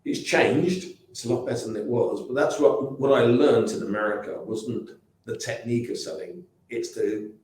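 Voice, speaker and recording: A man's voice: mid-range voice, moderate pace, few pauses, a little mellow. Echoey English man in his sixties, rambling. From England. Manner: rambling anecdotes, frequent restarts and asides. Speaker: company founder guest. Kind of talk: casual interview talk. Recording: very echoey room.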